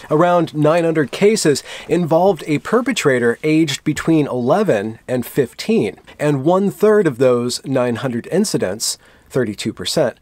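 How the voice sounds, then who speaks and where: A man's voice: medium pitch, no room sound. A man giving sarcastic commentary, reading news text aloud and adding dry, sardonic asides. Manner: dry, sardonic asides between read-out quotes. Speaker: commentary vlogger.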